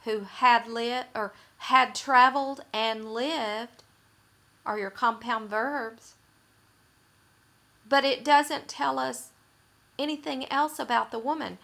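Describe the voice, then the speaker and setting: A woman teaches a grammar lesson in a bright, slightly high voice. She speaks slowly and patiently, restating each point so it sinks in. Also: creaky. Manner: patient, explanatory, repeats points for emphasis. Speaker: writing teacher. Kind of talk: explaining grammar rules in a recorded lesson.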